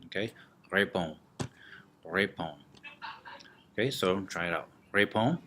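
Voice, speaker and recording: Male teacher, low voice, slow patient drill delivery, faint room ambience behind. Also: sharp tone, slight background noise. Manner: slow, repeats words and drills with gestures. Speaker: French teacher. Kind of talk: classroom vocabulary lesson.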